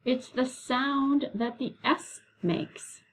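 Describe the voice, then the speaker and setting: A woman teacher leading a classroom lesson, explaining patiently and slowly, with frequent "okay"s. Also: high voice, a little hiss or hum, rough recording. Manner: slow, patient, drawn-out explanations.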